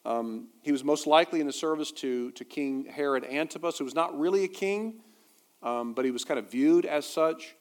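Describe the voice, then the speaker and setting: A man preaching a sermon as a pastor, conversational and quick to toss in humorous asides. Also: fairly high pitch.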